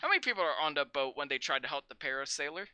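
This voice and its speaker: Podcast host ranting and laughing about a cheesy movie, swears a ton, bright edgy voice. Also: medium pitch, big pitch swings, clean tone, no room sound, lo-fi sound. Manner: profane, laughing, mocking recaps with quick voice impressions. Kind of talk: casual film podcast chat.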